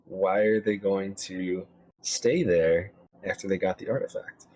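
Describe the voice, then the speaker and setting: A man with a husky, slightly low voice, chatting casually as co-host of a tabletop gaming podcast. He rambles in a relaxed way and often restarts his sentences. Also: measured pace. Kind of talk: casual podcast chat about game mastering.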